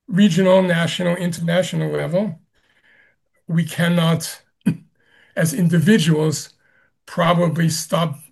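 A man being interviewed as a Zen master guest, speaking haltingly with many pauses and frequent throat clearing. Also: a little high. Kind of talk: interview answers.

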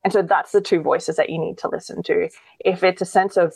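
A woman's voice: lowish voice, flat delivery, a little fast, creaky, darkish tone, husky, dry recording, rough recording. A woman, a guest expert earnestly explaining in a conversational interview, often restarting her sentences.

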